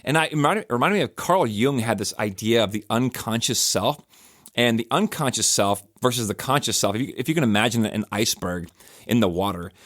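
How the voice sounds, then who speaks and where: A man's voice: medium pitch, animated, fairly quick, a bit bright, no echo, studio quality. A podcast host, a man likely in his thirties, talking in a casual, rambling reflective monologue with frequent restarts and fillers.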